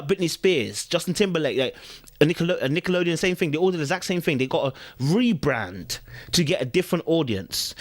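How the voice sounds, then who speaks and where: A man's voice: a little high, dry recording, studio quality. A young man, hosting a podcast and giving his opinion in casual commentary, with lots of repetition and rhetorical questions to listeners. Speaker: podcast host.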